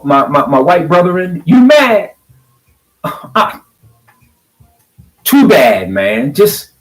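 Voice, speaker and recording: Fired-up animated man ranting. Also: medium pitch, low-quality recording. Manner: animated, preachy, swings from hyped to calm. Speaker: video blogger. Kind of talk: fired-up social media rant.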